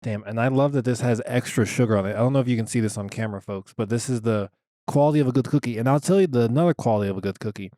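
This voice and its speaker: A man's voice: mid-range voice, very fast, warm tone, dry recording, studio quality. A man talking as a comedian guest on a podcast, playful and joking, swearing casually. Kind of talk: casual chat.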